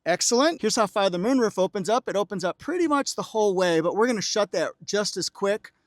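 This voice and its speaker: With a high, animated voice and a slightly fast pace, a man reviews a car on a dealership lot and from its interior. He's upbeat, pointing out features with playful asides and jokey song quotes, and there's no echo.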